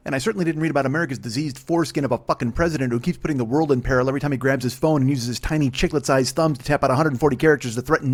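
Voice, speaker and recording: A man in his forties hosting a comedy podcast alone, delivering a rambling, profane monologue that keeps interrupting itself. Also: medium pitch. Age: 40s.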